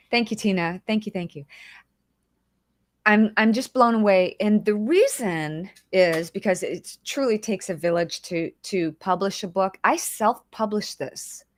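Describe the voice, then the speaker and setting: A woman's voice: mid-range voice, measured pace, no room sound, clean studio sound. A woman hosting a casual livestream, chatty and emotional, greeting viewers by name and holding back tears. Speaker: livestream host.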